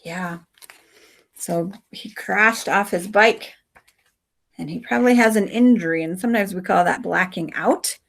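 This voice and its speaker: Reading a story to her class, a friendly woman teacher asks questions and drops into soft asides. She has a fairly low, gravelly voice and a slightly slow pace.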